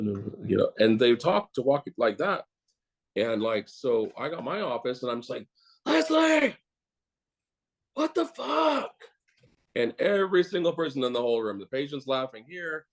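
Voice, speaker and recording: A man, a dentist, talking bluntly and casually in an interview, rambling with many fillers and swearing. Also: medium pitch.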